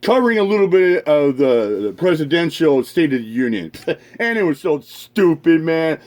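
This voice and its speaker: Rambling, swearing man with a lively voice. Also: on the high side, normal speed. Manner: swears constantly, rambling, laughs a lot. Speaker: podcast host. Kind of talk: casual profane rant.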